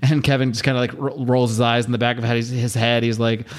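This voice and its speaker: A man's voice: mid-range voice, little pitch movement, quick pace. A man hosting a podcast, casually recapping a comic book in a rambling, chatty way with fillers and swearing. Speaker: podcast host.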